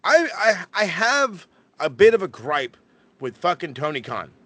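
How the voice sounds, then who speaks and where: A man's voice: sits high, very animated, a little slow, bright, forceful tone, dry recording. A young man co-hosting a wrestling podcast, ranting and swearing a lot and often restarting his sentences. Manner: ranting, profane, lots of restarts. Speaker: podcast co-host. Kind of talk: casual wrestling chat.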